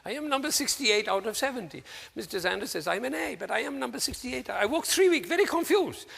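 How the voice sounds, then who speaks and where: A man imitating a confused young male student from Taiwan, speaking halting broken English with a Taiwanese accent. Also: animated, gravelly, a bit bright, slightly rough, in a large hall, exaggerated voice. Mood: bewildered. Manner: halting, bewildered, rising pitch.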